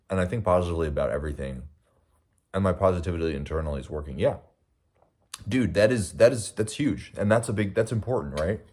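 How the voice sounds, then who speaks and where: A young man from the US, his voice sitting low with a slightly mellow quality, hosts an easygoing livestream. Between bites of breakfast he reads viewers' comments and replies in a rambling, thoughtful manner full of fillers.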